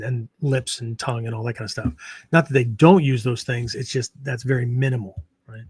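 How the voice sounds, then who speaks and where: A man with a middle-pitched voice talks off the cuff as a podcast host on training. He rambles, restarts often and keeps checking in with "right?". The sound is dry and close, with no room around it. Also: slightly rough, no room sound. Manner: rambling, many fillers and restarts, frequent "right?". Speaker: podcast host and martial arts teacher. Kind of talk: casual unscripted talk.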